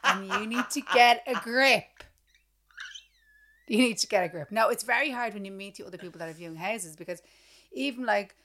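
A woman's voice: mid-range voice, fairly quick, bright, forceful tone, slight background noise. An Irish woman co-hosting a chatty podcast, teasing her co-host bluntly and swearing freely. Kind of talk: casual chat.

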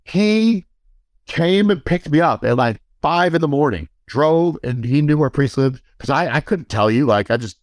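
A man's voice: a little high, moderate pace, no echo. Profane man telling a story, dry sound. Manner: profane, animated anecdote with laughs and quoted dialogue. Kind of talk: casual storytelling.

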